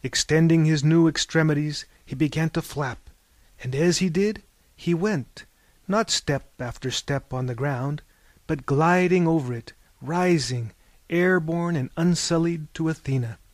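A man's voice: fairly high pitch, no echo. A man narrating a lyrical storybook. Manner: measured, lyrical. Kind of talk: storybook reading.

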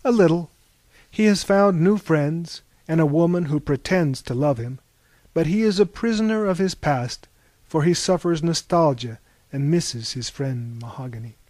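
A man voicing Athena, a stern and wise warrior goddess who speaks in a measured, grave way, in a dry recording. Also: fairly high pitch, darkish tone, no echo, lightly acted.

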